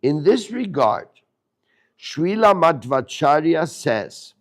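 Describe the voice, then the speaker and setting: For a small audience gathered in a room, a man gives a slow devotional lecture in a slightly high, sing-song voice. He teaches a spiritual lesson by questioning the live group, joking and stressing key words.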